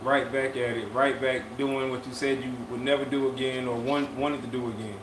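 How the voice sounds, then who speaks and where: A man co-hosting a casual live-stream chat, talking in a relaxed, drawn-out way and often repeating his phrases. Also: mid-range voice, noisy background. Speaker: podcast co-host. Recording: echoey room with faint ambience.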